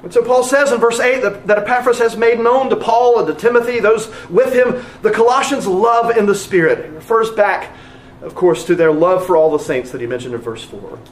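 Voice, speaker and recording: A man's voice: high-pitched, fairly quick, reverberant. A man preaching a sermon as pastor, earnest and emphatic, repeating phrases for weight.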